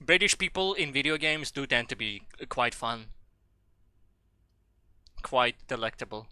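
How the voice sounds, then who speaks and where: A man streaming a video game live, rambling and joking with profanity, with sudden loud excited bursts. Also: mid-range voice, unhurried, clear, resonant tone, no echo. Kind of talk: casual live gameplay commentary.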